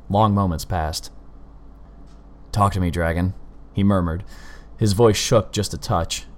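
Casting: deep-voiced male audiobook narrator, measured and steady. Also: slight background noise. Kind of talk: scripted narration of a story.

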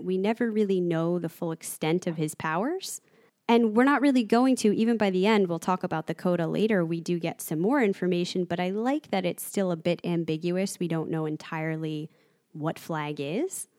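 Woman, podcast co-host, lowish voice, close and dry sound, thoughtful book talk. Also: normal speed, darkish tone, no room sound. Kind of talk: casual book discussion.

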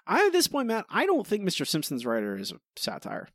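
A man co-hosting a podcast, talking in animated, exasperated runs and slipping into mock voices. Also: on the high side, brisk, few pauses, no room sound, clean studio sound. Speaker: podcast co-host. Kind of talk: casual podcast chat.

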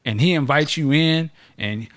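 A man's voice: a little high, dry recording. A man hosting a podcast in casual chat, joking and restarting his sentences as he goes. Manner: animated, joking, halting restarts. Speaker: podcast host.

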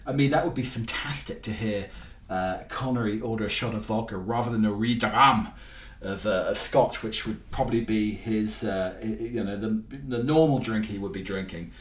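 A man's voice: on the low side, normal speed. A man hosting his own show in casual, rambling chat, joking and full of ums and restarts. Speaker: podcast host. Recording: roomy, distant mic, faint music.

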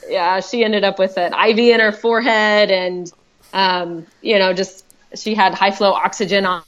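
A woman's voice: medium pitch, fairly even intonation, moderate pace. Chatty woman with muffled lo-fi sound. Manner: chatty, heartfelt, many fillers and restarts. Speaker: podcast guest. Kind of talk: personal storytelling.

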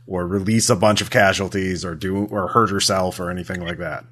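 Hesitant low-voiced male player. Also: steady tone, fairly quick, sharp tone, husky. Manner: hesitant, earnest, full of fillers. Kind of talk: tabletop game play.

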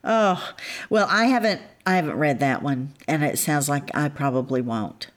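A woman co-hosting a casual book chat, measured and thoughtful, gently teasing. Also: low voice. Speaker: co-host.

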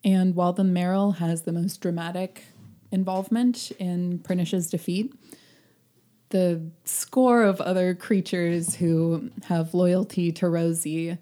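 Young woman, podcast co-host, casual book chat, rambling, fillers, lowish mellow voice. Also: unhurried. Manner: rambling and animated, with frequent fillers and laughter.

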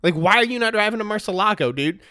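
Brief: young male sports-talk host, mid-high voice, loose jokey rant, dry close sound. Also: fast talker, smooth, no echo. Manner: animated, jokey, slangy with lots of "man" and "dude". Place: at home in front of his computer.

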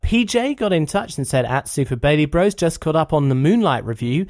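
A man co-hosts a casual podcast, reading listener emails aloud and laughing often. His voice sits a little high and swings widely in pitch. The sound is close and dry. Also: big pitch swings, fairly quick, a little mellow, dry recording. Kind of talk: casual chat.

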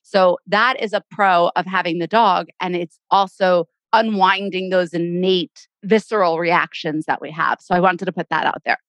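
A woman's voice: on the low side, fairly even intonation, moderate pace, few pauses, fairly bright tone, no echo. A woman co-hosting a casual chat show, answering with supportive, reflective stories of her own. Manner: supportive listener, reflective, plays out quotes. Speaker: podcast co-host.

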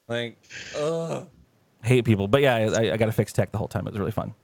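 A man's voice: mid-range voice, quick pace, a little mellow, dry recording. A man co-hosting a podcast, telling rambling, profane stories in casual chat. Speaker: podcast co-host.

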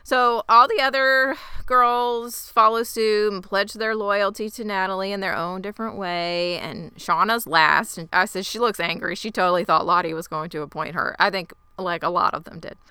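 A woman co-hosting a casual podcast, retelling a TV episode scene by scene with lively asides. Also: medium pitch, normal speed, few pauses, smooth, dry recording. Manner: animated storyteller, quotes characters in lively asides. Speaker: podcast co-host. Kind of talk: casual TV recap chat.

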